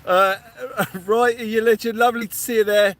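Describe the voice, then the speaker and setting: A man hosting a casual live stream from a beach at night, giving cheery shout-outs and telling jokey stories. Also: sits high, steady tone, normal speed, slight background noise. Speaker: livestream host.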